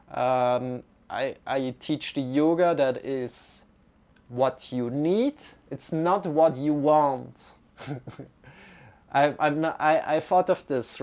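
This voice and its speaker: Slow, hesitant male yoga teacher. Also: a little high, a little mellow. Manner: rambling, hesitant, many restarts and fillers. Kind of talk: live-streamed yoga class talk.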